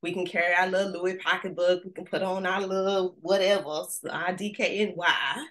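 A woman giving an energetic, playful motivational talk with call-and-response to a virtual audience. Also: fairly low pitch, normal speed. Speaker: conference speaker.

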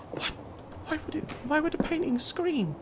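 A man's voice: very high voice, very noisy. A young man commentating a horror game, joking nervously and breaking into sudden screams. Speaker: gaming YouTuber.

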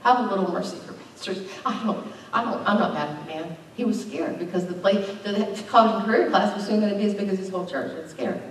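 A woman's voice: mid-range voice, fast talker, slight background noise. A middle-aged woman pastor preaching a conversational sermon with emphatic bursts. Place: church sanctuary. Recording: very echoey, distant church recording.

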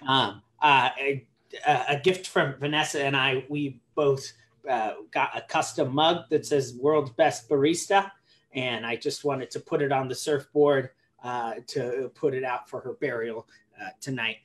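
A man's voice: medium pitch, steady tone, a little slow, natural voice. A man playing a hesitant, stammering mourner in an improvised comedy scene. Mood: awkward. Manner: hesitant, stammering, full of filler.

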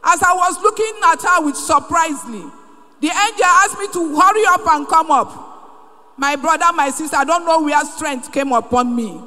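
A woman giving an emotional testimony in a large church, fervent and sometimes rising to a shout. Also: high-pitched, moderate pace. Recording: echoey hall.

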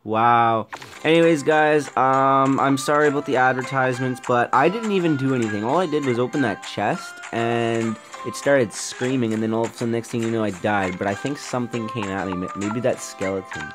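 A young man giving let's-play commentary on a horror game, jumpy, swearing a lot and shouting when startled. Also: medium pitch, brisk, over music. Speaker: gaming YouTuber.

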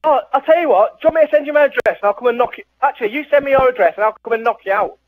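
A man gamer shouting insults and swearing over voice chat. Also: very high-pitched, rapid-fire, no echo, narrow, tinny audio. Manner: aggressive, swearing. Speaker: online gamer.

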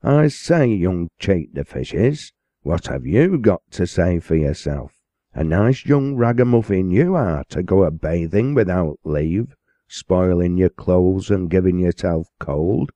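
A man voicing a gruff, rough-tongued older parson with a Lancashire accent who growls and scolds. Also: low-pitched, lively intonation, takes it slowly, dark tone, no echo. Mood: scolding.

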